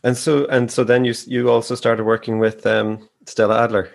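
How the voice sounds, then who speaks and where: A man's voice: medium pitch, flat delivery, normal speed, gravelly. A man interviewing a guest in casual chat, mostly giving brief affirmations and light laughs. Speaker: interviewer, host.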